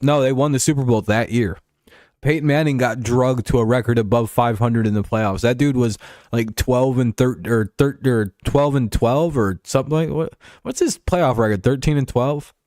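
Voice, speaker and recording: A man talks sports off the cuff on his stream, rambling and swearing freely, often breaking into a chuckle as he answers his viewers. His voice sits at an ordinary middle pitch. The sound is dry and close, with no room echo. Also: normal speed, a little mellow. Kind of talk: casual livestream sports chat.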